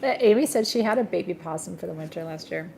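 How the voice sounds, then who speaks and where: A woman's voice: on the low side, fast, creaky, background noise. A woman hosting a live gem sale, chatting casually and telling funny stories as she sells. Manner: animated, joking storyteller, laughs often. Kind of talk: casual chat and product selling.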